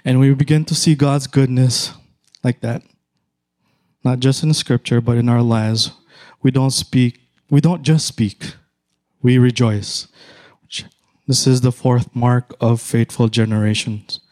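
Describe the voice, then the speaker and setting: Slow, measured Filipino man preaching. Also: mid-range voice, fairly even intonation, a little mellow. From Philippines. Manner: slow, measured, emphatic repetition. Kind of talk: sermon.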